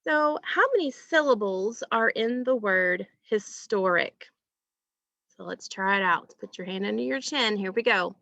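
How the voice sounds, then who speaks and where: A woman teacher giving a recorded phonics lesson to children, asking questions and pausing patiently for answers. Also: mid-range voice, lively intonation, gravelly, sharp tone, dry recording, highs cut off. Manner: slow, patient, asks questions and pauses for answers.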